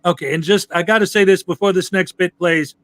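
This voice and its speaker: A man hosting a casual commentary show over video clips, chatty and quick with asides, laughing often. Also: sits high, fairly bright tone, slight background noise. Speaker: show host.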